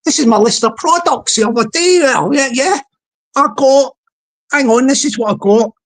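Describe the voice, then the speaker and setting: A high-pitched woman hosts a casual livestream. She rambles in a playful, sing-song way, repeating words and restarting phrases as she goes. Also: moderate pace, poor audio. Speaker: livestream host.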